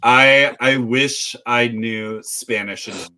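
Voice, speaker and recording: A man co-hosting a podcast in relaxed casual chat, rambling with plenty of filler words. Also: medium pitch, takes it slowly. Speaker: podcast co-host.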